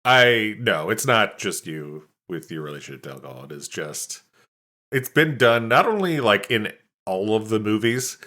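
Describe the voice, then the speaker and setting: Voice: mid-range voice, lively intonation, normal speed, pushed and bright. A podcast co-host adding blunt, dry asides in casual chat.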